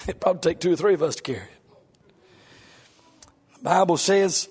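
A middle-aged man preaching a sermon in a strikingly high voice. He talks in a folksy way, breaking into shouts and then dropping to low asides. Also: fairly quick, breathy edge.

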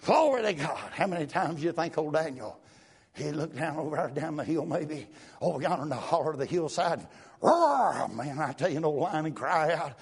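A man's voice: on the high side, very animated, moderate pace, husky. An older man preaching a fervent revival sermon in a church. He speaks in rhythmic bursts and puts an "uh" before nearly every phrase. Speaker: guest preacher.

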